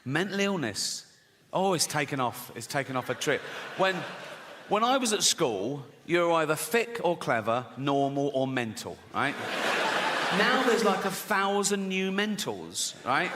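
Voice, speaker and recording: A man's voice: very animated, unhurried, big-room sound, noisy background. A man doing a sardonic stand-up routine, mocking people and acting out their voices. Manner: sardonic, mocking, acts out characters in sudden high voices. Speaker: stand-up comedian.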